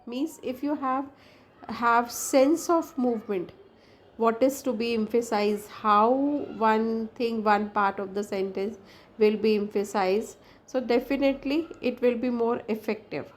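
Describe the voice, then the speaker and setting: Indian woman teacher lecturing, higher voice. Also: fairly even intonation, unhurried. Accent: Indian English. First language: Hindi. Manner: explains with many fillers and restarts, switches into Hindi. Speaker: English teacher. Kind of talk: classroom lecture.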